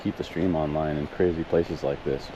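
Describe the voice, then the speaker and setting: A man's voice: very deep voice, steady tone, moderate pace, dull audio, background noise. A man live-streaming a hike on an outdoor trail, chatting with viewers and thinking aloud in a casual, self-deprecating way. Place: outdoor hiking trail in a wooded valley.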